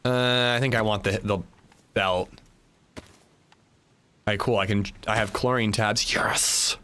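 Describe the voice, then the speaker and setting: A man streams a survival game, chatting casually, joking and talking to his viewers in chat. His lowish voice is steady and sharp in tone, a little slow, with slight background noise.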